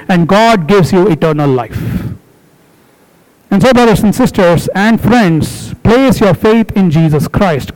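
A man with a high voice preaches a sermon to his congregation. He drives each point home with emphatic repetition and stops to explain words along the way. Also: a little mellow, low-quality recording.

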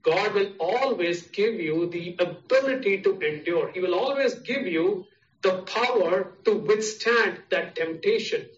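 A man with an Indian English accent delivers a sermon and drives each point home with repeated, parallel phrases. His voice sits fairly high. The recording sounds muffled and echoes around a room. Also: expressive, measured pace. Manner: repetitive, emphatic preaching with listed parallel phrases. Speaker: preacher. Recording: echoey, distant, dull sound.

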